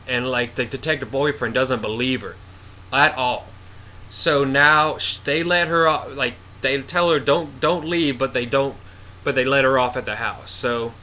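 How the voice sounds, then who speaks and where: A man talks through a movie review in loose, rambling fashion, retelling the plot with plenty of animation and blunt asides. His voice is bright and pushy. A faint hiss of noise sits behind him. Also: medium pitch. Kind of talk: casual spoiler review.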